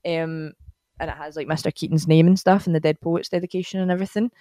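A woman's voice: low-pitched, steady tone, fast, dark tone, no room sound, studio quality. A Scottish woman chatting enthusiastically on a podcast, often trailing off mid-sentence. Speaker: podcast co-host, guest sister. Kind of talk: casual chat.

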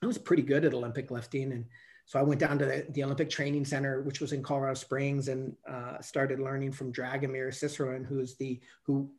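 A man's voice: medium pitch, little pitch movement, fairly quick, darkish tone. A man in his fifties, a coach and podcast guest, telling stories in a rambling way with many restarts and fillers. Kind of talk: casual storytelling interview.

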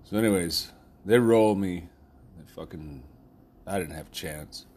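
Husky low-voiced man telling a story. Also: a little slow, a little mellow. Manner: profane, rambling, laughs often. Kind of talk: casual personal storytelling.

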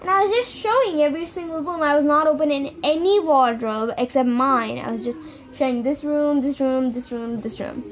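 A woman's voice: high voice, normal speed, a little hiss or hum. A young woman telling a personal story in a casual, rambling way, circling back and repeating herself with lots of filler words.

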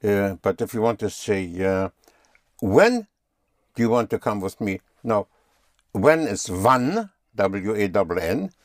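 A man's voice: lowish voice, no room sound, clean studio sound. A man teaching German in a patient one-on-one lesson, often spelling words out letter by letter.

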